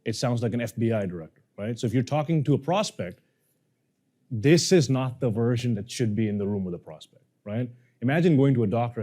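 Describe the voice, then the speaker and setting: A man teaching a live workshop on speaking, animated and playful, joking with the audience. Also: mid-range voice, a little fast. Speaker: communication coach. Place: seminar room with audience.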